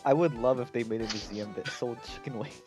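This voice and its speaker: A man's voice: mid-range voice, darkish tone, faint music behind. A man streaming a video game, joking and swearing with friends. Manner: joking, profane, quick to laugh. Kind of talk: casual let's-play banter.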